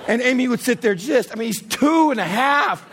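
A man preaching a sermon in an animated way, acting out everyday scenes with humor and asking the audience direct questions. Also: very high voice, a little fast, a crowd in the background, noisy background. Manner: talks straight to the audience with questions. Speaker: pastor.

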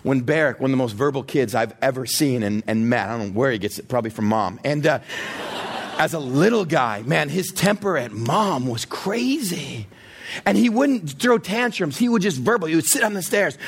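A man preaching a sermon in an animated way, acting out everyday scenes with humor and asking the audience direct questions. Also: medium pitch, moderate pace, breathy edge. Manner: talks straight to the audience with questions. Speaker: pastor.

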